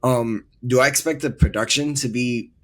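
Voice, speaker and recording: A man's voice: mid-range voice, moderate pace, fairly bright tone. A man co-hosting a casual sports debate podcast, earnestly laying out his rankings with emphatic repetition. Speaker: podcast co-host.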